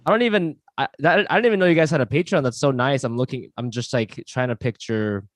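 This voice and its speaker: A man's voice: medium pitch, fast talker, no room sound. A man in his thirties from New York doing a stand-up comedy set, chatty and rambling, self-deprecating with lots of filler words. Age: 30s. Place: home, online show.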